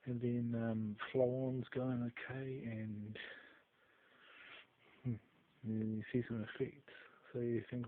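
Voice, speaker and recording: A man's voice: medium pitch, slight background noise. Rambling New man, tinny phone sound. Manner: rambling, swears freely, trails off quietly. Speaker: vlogger. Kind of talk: casual rambling storytelling.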